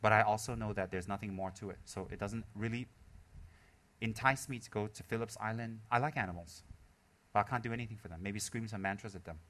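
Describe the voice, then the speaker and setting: Bright-voiced man telling stories in a dharma talk. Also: on the low side, fast talker. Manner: animated, chatty storytelling with frequent laughter; casual and self-deprecating, with restarts. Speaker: Buddhist teacher. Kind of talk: dharma talk with personal anecdotes.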